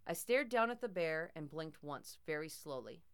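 A woman's voice: low-pitched, animated, moderate pace, smooth. A woman narrating a first-person horror story in a tense, dramatic way.

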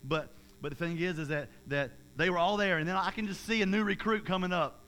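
A man, preaching a sermon in an energetic, emphatic way, with repeated phrases and restarts. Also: sits high, fairly quick.

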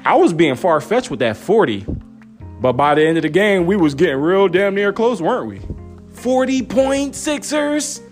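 Soft music plays as a young dad vents to his phone camera about his basketball team. His slightly high voice is animated and incredulous, and he rattles off rhetorical questions rapidly.

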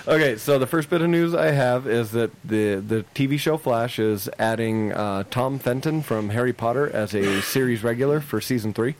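A man's voice: medium pitch, normal speed, few pauses. A man hosting a casual podcast chat, reading news items with lots of "uh" and "um". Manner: hesitant, many fillers. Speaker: podcast host. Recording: noisy home recording.

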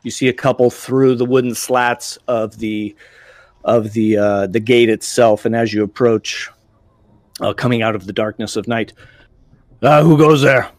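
A man's voice: lowish voice, flat delivery, normal speed, a little mellow, dry recording. A man running a tabletop game as game master, narrating in a loose, rambling way with fillers.

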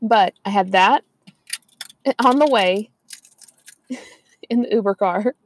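A woman's voice: mid-range voice, slow pace, a little hiss or hum. A woman, chatting casually and rambling on a podcast, laughing often. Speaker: podcast co-host. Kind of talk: casual chat.

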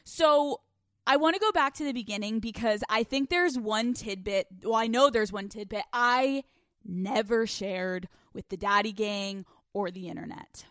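A young woman hosting a podcast from a couch at home, telling stories in casual, animated chat full of swearing. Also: fairly high pitch, unhurried, no echo, clean studio sound. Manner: animated, profane, storytelling. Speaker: podcast host.

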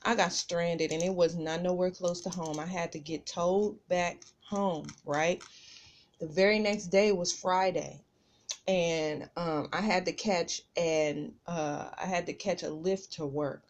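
A woman's voice: lowish voice, fairly even intonation, measured pace. Chatty woman telling a story to listeners. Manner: chatty, addresses listeners as "y'all". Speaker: podcast host. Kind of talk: casual storytelling monologue.

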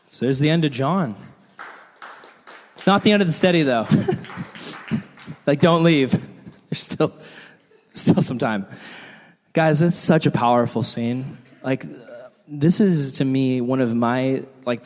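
A young man leading a casual Bible study, talking in a relaxed, conversational way full of asides and fillers. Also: medium pitch, long reverb tail.

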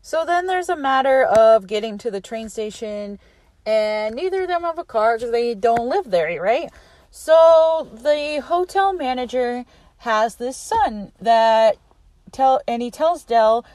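A woman's voice: on the high side, animated, slow pace, a little mellow, dry recording. A young adult woman recapping a movie casually on her podcast, chatty, saying "like" a lot and laughing often. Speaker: podcast host.

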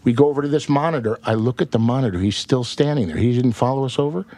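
A male actor, a guest on a podcast, telling a story in an animated, profane and rambling way. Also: mid-range voice, fast talker, no echo.

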